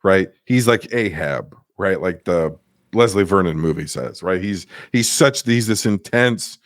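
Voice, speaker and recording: A man chatting casually about a film, animated and swearing, often acting out scenes in mock voices. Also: low-pitched, a little slow, dry recording, clean studio sound. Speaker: podcast co-host. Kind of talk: casual film review chat.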